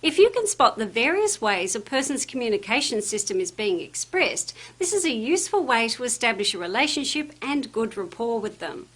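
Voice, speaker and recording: Lively, expressive woman narrating training. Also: fairly high pitch, normal speed, few pauses. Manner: lively, emphatic delivery when quoting phrases. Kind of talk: scripted instructional narration.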